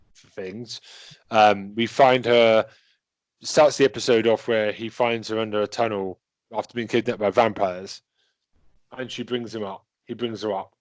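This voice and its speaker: A man's voice: mid-range voice, no room sound. A man chatting casually as a podcast co-host, rambling with many fillers and swearing freely. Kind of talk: casual chat.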